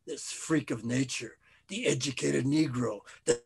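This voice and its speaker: A man, an author, reading his own novel aloud in a measured, expressive way. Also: mid-range voice, creaky, breathy edge.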